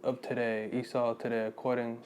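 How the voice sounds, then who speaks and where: A man reading scripture aloud quietly and breaking off into casual spoken commentary, full of "you know". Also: monotone, a little fast, slight background noise. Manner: quiet, low reading of scripture, louder and livelier in his asides; leans on "you know" constantly.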